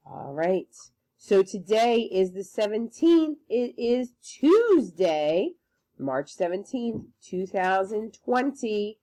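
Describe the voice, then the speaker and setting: A woman's voice: medium pitch, very animated, slow, dark tone. A woman teacher leading circle time for young children, with an encouraging sing-song manner. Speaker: preschool teacher.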